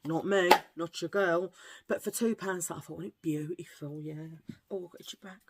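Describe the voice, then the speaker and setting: A woman chats casually to camera as a beauty vlogger, rambling through asides and telling cheesy jokes. Her voice is fairly low and steady at a normal speed, with heavy background noise in the recording.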